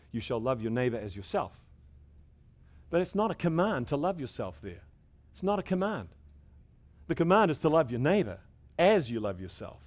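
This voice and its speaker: A man preaching a sermon, building up to loud, emphatic passages and dropping to quiet, measured ones, sometimes repeating words as he restarts. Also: medium pitch. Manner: dynamic preaching, rising and falling sharply in loudness. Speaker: pastor.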